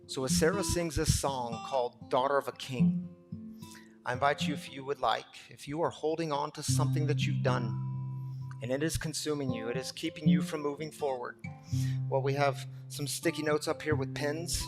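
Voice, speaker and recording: Passionate pastor guy, bit high voice, music playing quietly behind him. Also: fairly even intonation, normal speed. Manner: impassioned, repetitive, swings from loud to hushed. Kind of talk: sermon.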